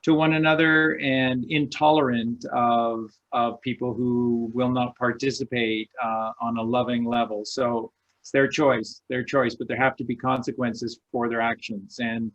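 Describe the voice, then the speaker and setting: Male guest, mid-pitch, emphatic and rallying, muffled video-call sound. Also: flat delivery, unhurried. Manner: emphatic, rallying, repeats for stress. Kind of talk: casual chat. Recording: dull lo-fi sound.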